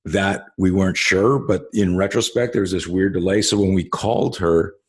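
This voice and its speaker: A man's voice: low-pitched, fairly even intonation, normal speed, husky. A man hosting a casual conversation, telling rambling stories full of restarts, fillers and swearing. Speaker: host.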